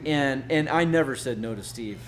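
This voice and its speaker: A man's voice: mid-range voice, normal speed. A man from Arizona telling a rambling, profane story at a birthday gathering, laughing often and restarting his sentences. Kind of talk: casual storytelling.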